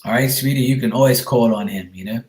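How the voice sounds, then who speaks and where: A man's voice: mid-range voice, fast talker, darkish tone. Casual man in an echoey room. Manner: casual, reassuring, calls listener sweetheart. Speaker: psychic medium. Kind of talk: live reading to a viewer.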